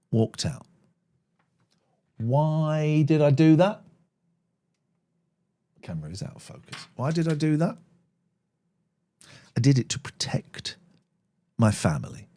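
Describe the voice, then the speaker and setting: Blunt, sweary phone-in host. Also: male voice, medium pitch. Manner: blunt and sweary, flares into loud angry rants. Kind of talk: live-streamed phone-in talk.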